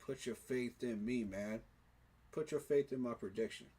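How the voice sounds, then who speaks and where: Guy ranting about his team like a sermon, husky voice, gets all emotional and repeats himself. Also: medium pitch, normal speed, dark tone. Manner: preachy, emotional, repeats phrases for emphasis. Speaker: sports fan commentator. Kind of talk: impassioned fan monologue.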